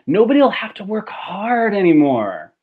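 A man's voice: sits high, wildly swooping pitch, measured pace, pitched above the performer's own voice, full character voice. A man voicing a greedy, gloating male industrialist in a hammy comic reading. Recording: tinny phone-like video call.

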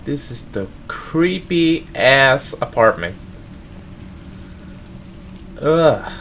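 A man's voice: medium pitch, moderate pace, slight background noise. A man hosting a gaming channel, giving casual, jokey let's-play commentary and talking straight to his viewers. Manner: excitable, jokey, talks to viewers.

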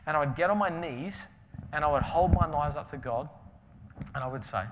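A man preaching a conference sermon, telling stories with humor and swinging between loud and hushed delivery. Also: fairly high pitch, brisk, noisy background. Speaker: pastor. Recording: reverberant hall with faint ambience.

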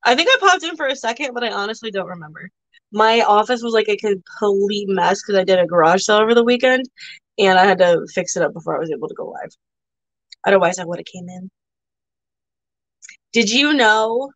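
A woman's voice: mid-range voice, lively intonation, a little fast, a bit bright, no echo, low-quality recording. A young woman chatting casually while selling items on a live stream, teasing viewers and rambling, a bit tired. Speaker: live auction seller.

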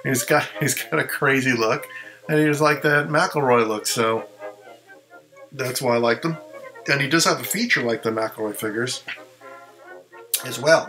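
A man talks through his collection in a loose, rambling show-and-tell, often stopping to second-guess himself. His voice sounds bright and edgy, with a gravelly rasp and faint music playing underneath. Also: medium pitch, rough recording. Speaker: ventriloquist collector.

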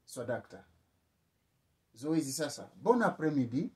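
A man teaching a spoken language lesson, repeating words slowly for learners to echo back. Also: medium pitch, very animated, dark tone, recorded from a distance. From East Africa.

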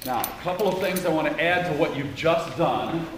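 A man's voice: fairly high pitch, normal speed. A man directing a choir rehearsal, coaching the singers with encouragement and singing phrases to show them how. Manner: encouraging, sings phrases to demonstrate. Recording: echoey room heard from far off with background noise.

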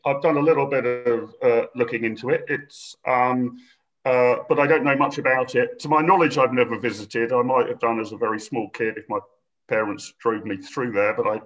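A man's voice: medium pitch, a bit bright, low-quality recording. A man from Britain hosting and chairing an interview, upbeat and chatty with frequent fillers. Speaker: host, chair of the discussion.

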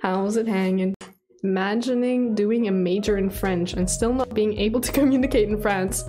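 A woman's voice: mid-range voice, moderate pace, dark tone, faint music behind. A woman streamer chatting and greeting viewers, laughing easily. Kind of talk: casual streaming chat.

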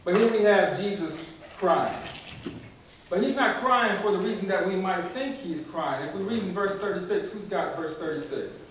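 This high-voiced man speaks at a normal speed while delivering a chatty, funny sermon in a church sanctuary, repeating himself and chuckling at his jokes. Background noise is present, and the very echoey hall was captured from far away.

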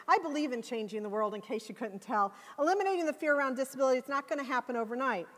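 Passionate woman speaking in an echoing hall. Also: on the high side. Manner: passionate and emphatic. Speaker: conference speaker. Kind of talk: conference talk. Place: conference hall. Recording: long hall reverb.

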